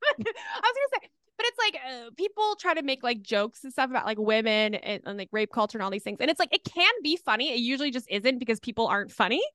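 A woman's voice: a little high, expressive, fast, hardly any pauses, sharp tone, no room sound. A woman co-hosting a podcast, chatting casually and filling her talk with "like.". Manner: chatty, many fillers like "like". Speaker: podcast co-host. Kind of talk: casual chat.

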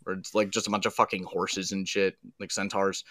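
Bright-voiced man in casual profane chat. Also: deep voice, level tone, fairly quick. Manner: joking, swears a lot, laughs often. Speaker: podcast co-host.

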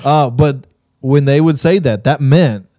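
A man's voice: mid-range voice, unhurried, mellow, no echo, studio quality. A man co-hosting a casual podcast, telling stories easily and laughing often. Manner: easygoing storyteller, laughs often. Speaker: podcast co-host. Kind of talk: casual chat.

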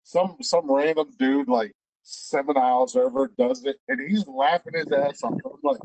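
A man's voice: fairly high pitch, very animated, normal speed, vocal fry, few pauses, a little mellow, no echo, rough recording. A middle-aged man telling rambling stories in casual chat, stammering through restarts and swearing freely.

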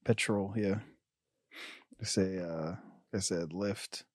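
A man's voice: sits low, fairly even intonation, slow pace, no echo, clean studio sound. A young man in casual chat, easygoing and slangy, who laughs often.

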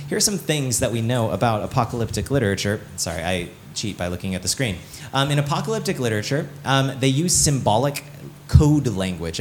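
A man's voice: medium pitch, a little hiss or hum. Chatty joking man preaching a casual sermon. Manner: chatty and joking, with many fillers like "um" and "like"; asks the audience questions and waits for replies. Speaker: pastor. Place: in front of a live congregation.

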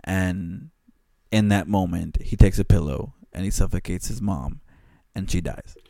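A man in casual podcast talk with a fairly low voice, laying out a story step by step in an earnest, measured way. He curses now and then for emphasis. The recording is dry and close. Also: vocal fry, mellow, no room sound. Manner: earnest, measured plot recapper with occasional cursing. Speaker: podcast co-host. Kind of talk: casual chat.

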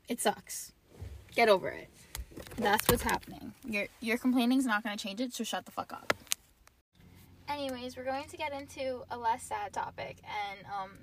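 A young woman talking straight into her podcast mic, loose and unscripted, swearing as she rants and leaning on "like" constantly. Her voice sits a little higher than most women's, and a faint hiss runs under the recording. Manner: ranting, swears freely, fills nearly every phrase with "like". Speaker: podcast host. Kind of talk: casual solo podcast rant.

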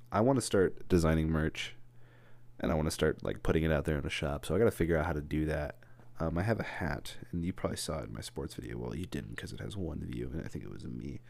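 Deep-voiced young man rambling jokily. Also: vocal fry, a little mellow, dry recording. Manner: joking, goes off on tangents, acts out mock interviews. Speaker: vlogger. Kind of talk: casual rambling monologue.

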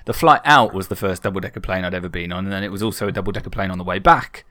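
A man's voice: low voice, racing, bright, forceful tone, dry recording, clean studio sound. A man co-hosting a casual podcast, telling rambling, self-mocking travel stories. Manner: chatty, self-mocking storyteller. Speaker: podcast co-host.

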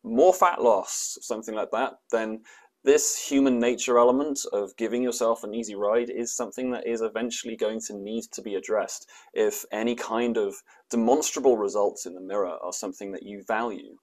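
Lower-voiced man, casual fitness talk. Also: steady tone, moderate pace. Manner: conversational, frequent uh and um fillers. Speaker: personal trainer, podcast host. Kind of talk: casual explanatory monologue.

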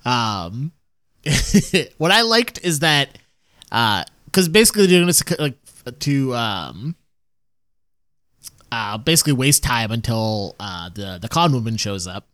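A man co-hosting a casual TV recap, laughing often and talking in a halting way with many restarts. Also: medium pitch, sing-song, a bit bright, clear, resonant tone, dry recording, studio quality. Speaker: podcast co-host. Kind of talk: casual TV episode recap chat.

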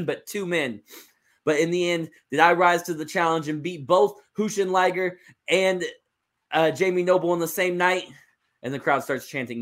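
A man's voice: a little high, fairly quick, fairly bright tone. A young man hosting a podcast, casually narrating a wrestling storyline with loose, joking asides. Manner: loose, joking, swears and restarts. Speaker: podcast host.

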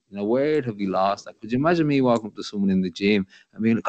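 A man with a Dublin accent, hosting a podcast in relaxed, reflective talk that rambles and keeps checking in with "you know what I mean.". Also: fairly low pitch, very fast, few pauses, dry recording, lo-fi sound. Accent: Irish, Dublin. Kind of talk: casual podcast conversation.

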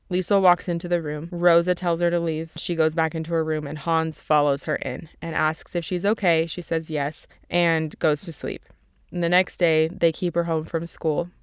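A young woman walks through a novel chapter by chapter in a relaxed, chatty way, leaning on "like" as she goes. Her voice is low and very smooth, with little rise and fall, and it sounds dry and close, with no room around it. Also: no echo. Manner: chatty, filler-heavy retelling with "like", reading passages aloud. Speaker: book summary presenter. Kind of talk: casual spoken book summary.

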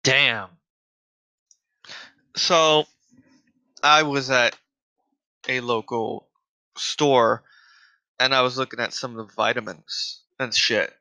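A man's voice: medium pitch, fairly even intonation, slow, pauses often, sharp tone, low-quality recording. A man delivering a casual, profane solo rant, exasperated and full of fillers.

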